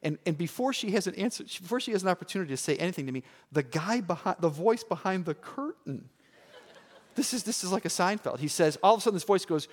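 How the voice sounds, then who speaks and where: A middle-aged man preaching as a pastor, telling a story with acted-out voices and swings from hushed to loud. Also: high-pitched, lively intonation, fast talker. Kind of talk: sermon with a personal story.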